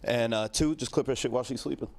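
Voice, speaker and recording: A man's voice: medium pitch, fast, creaky, very noisy. Laid-back man in his thirties doing stand-up. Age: 30s. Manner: laid-back, rambling, crude, with lots of fillers. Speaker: stand-up comedian. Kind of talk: stand-up set.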